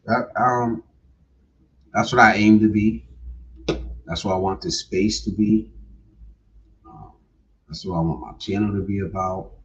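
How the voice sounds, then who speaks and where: A man with a deep, low voice, talking unhurriedly in a laid-back livestream chat, often ending his lines with "man". He sounds set back from the mic. The recording is dull and lo-fi. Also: unhurried, pauses often, far from the mic, slight background noise. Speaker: livestream host. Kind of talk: casual livestream talk.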